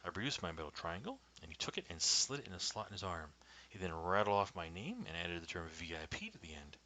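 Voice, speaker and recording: Brief: man, low voice, measured first-person storytelling, slips into hushed whispers, faint hiss. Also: sing-song, poor audio. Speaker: storyteller reading his own story.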